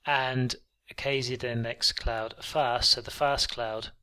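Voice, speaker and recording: Man, coding tutorial, very bright tone, mid pitch, easygoing with ums, clicks behind. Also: slow, clear, resonant tone. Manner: relaxed, thinking aloud with frequent ums. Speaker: programming tutor. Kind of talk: screen-recorded coding tutorial.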